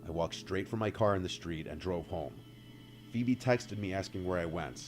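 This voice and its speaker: A man reading a first-person story aloud in a steady, even manner. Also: deep voice, moderate pace. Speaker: story narrator. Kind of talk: narrated story read aloud. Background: faint music.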